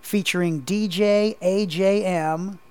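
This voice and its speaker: A man's voice: sits high, fairly even intonation, takes it slowly, darkish tone, clear, resonant tone. A man co-hosting a casual podcast on a headset, rambling and hesitant with lots of fillers. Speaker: podcast co-host.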